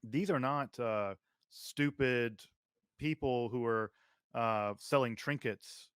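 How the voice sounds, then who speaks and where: A man's voice: medium pitch, slow, fairly bright tone, clear, resonant tone, no room sound. A man hosting an academic conversation, speaking emphatically and articulately. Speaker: podcast host.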